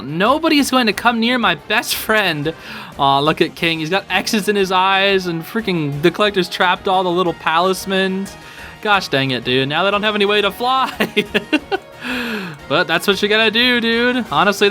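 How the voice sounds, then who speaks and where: An excitable young man reacts to fan art in casual, chatty commentary. His bright, slightly high voice swings up and down a lot. Quiet music plays behind him. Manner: excitable, says "dude" a lot, laughs often. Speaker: host reviewing fan art. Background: soft background music.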